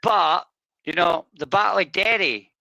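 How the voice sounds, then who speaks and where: A Scottish man with a high, bright, forceful voice rambles through loose panel talk and swears freely. The sound is dry and close, as on a video call. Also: measured pace, vocal fry, no echo, muffled recording. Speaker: stream host. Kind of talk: rowdy casual panel chat.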